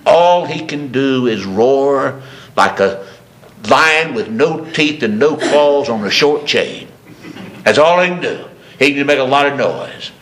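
Impassioned male preacher, drawn-out delivery. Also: expressive, fairly bright tone. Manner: impassioned preaching, swinging from low murmurs to soaring high cries; repeats phrases for emphasis. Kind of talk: sermon.

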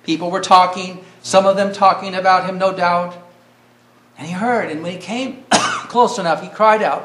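A man's voice: sits high, normal speed, long pauses, fairly bright tone, echoey room. A man preaching a sermon earnestly, reading scripture and rising to cries when he quotes.

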